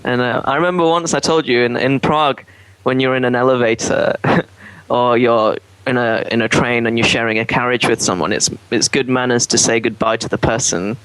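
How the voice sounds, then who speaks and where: A man's voice: mid-range voice, steady tone, fairly bright tone, clean tone, low-quality recording. A man from England, a newly qualified doctor, chatting casually and often restarting his words. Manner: halting, repeats words when starting. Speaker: junior doctor, podcast co-host. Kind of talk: casual chat.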